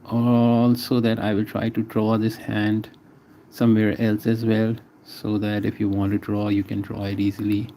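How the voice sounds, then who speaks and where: A man's voice: fairly low pitch, monotone, normal speed, mellow, a little hiss or hum. A man casually talking through a live drawing session, naming each stroke as he draws and chatting with viewers. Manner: chats with viewers between strokes. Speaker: artist streaming a drawing session.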